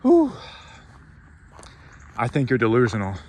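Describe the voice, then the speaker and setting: A man's voice: mid-range voice, wildly swooping pitch, unhurried, darkish tone, a little hiss or hum. A man giving a profane, sarcastic motivational rant, worked up and swearing freely. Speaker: vlogger.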